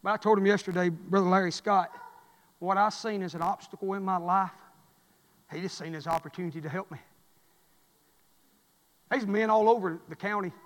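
A preacher with a strikingly high voice delivers a folksy, story-driven sermon. He rises to loud cries, then drops to hushed murmurs. A long hall reverb trails every word.

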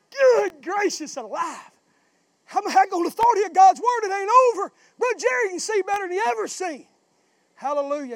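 A pastor delivering a fiery sermon in a strikingly high, dry voice, recorded close with no room echo. He builds his points into passionate, shouted refrains. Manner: southern-style preaching, swells into shouting.

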